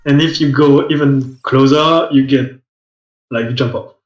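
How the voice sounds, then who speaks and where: A man's voice: mid-range voice, fairly even intonation, unhurried, reverberant, highs cut off. A man commentating a game in a chatty, casual way, often restarting his sentences.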